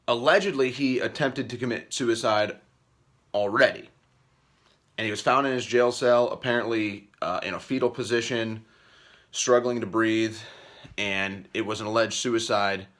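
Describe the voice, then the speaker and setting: A man hosting political commentary, ranting angrily and profanely, repeating himself and swinging from a low mutter up to shouting. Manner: angry, profane, repetitive rant.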